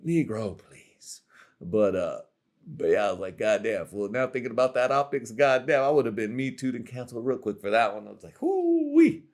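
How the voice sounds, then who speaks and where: A man's voice: mid-range voice, quick pace. A young adult man hosting his own show, rambling through a crude, profane comedic monologue full of slang and frequent laughter. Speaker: podcast host.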